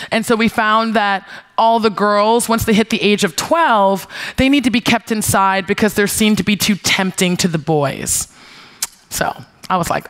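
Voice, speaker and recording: A young woman from New York giving a conference talk, telling lively stories with swearing and acting out her own retorts. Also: mid-range voice, normal speed, smooth. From New York, USA. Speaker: keynote speaker, founder. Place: stage before an audience.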